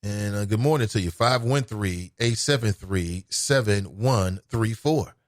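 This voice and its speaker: A Cincinnati man with a lowish voice talks at a measured pace, captured at studio quality without any room sound. As host of a call-in show, he keeps things conversational and responds to callers' remarks with exclamations and laughter.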